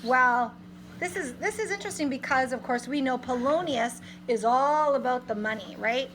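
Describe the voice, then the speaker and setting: A woman's voice: high-pitched, moderate pace, background noise. A woman English teacher giving a literature lesson, reading lines aloud and explaining them in plain modern paraphrase.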